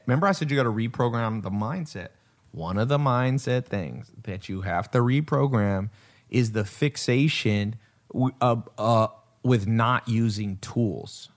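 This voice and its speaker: A man talking casually on a podcast, blunt and emphatic, swearing and laughing as he makes his points. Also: medium pitch. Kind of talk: casual conversation.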